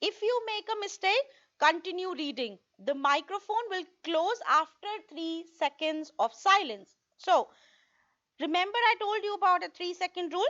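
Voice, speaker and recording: A woman with a high voice gives a recorded test-prep lesson, going over tips and often pausing to ask "okay?". The sound is a bit dull and lo-fi. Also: expressive, sharp tone. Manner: repeats points, checks in with "okay?". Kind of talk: online video lesson.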